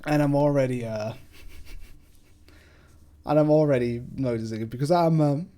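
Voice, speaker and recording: Casting: a laid-back man doing casual gameplay commentary, with a mellow, slightly throaty tone. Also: medium pitch, unhurried. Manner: chatty, rambling, self-deprecating. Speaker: let's play host.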